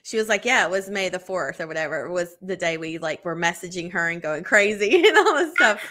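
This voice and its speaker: A woman co-hosting a podcast, chatting casually and telling animated stories full of "like" and "you know", acting out quotes in bigger voices. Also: fairly quick. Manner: animated storytelling, acts out quotes with big pitch jumps; many fillers like "like" and "you know". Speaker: podcast co-host. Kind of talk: casual chat.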